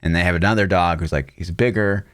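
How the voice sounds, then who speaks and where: A man's voice: low voice, fairly even intonation, fast, fairly bright tone, no echo, clean studio sound. A man in his thirties co-hosting a podcast, telling loose stories in casual chat and swearing freely. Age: 30s. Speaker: podcast co-host.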